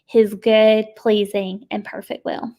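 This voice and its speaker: A woman's voice: mid-range voice, flat delivery, slow, warm tone. A woman leading a sales team, giving an emphatic, preachy motivational pep talk and speaking folksily and directly to her listeners. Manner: emphatic and preachy, with frequent laughs.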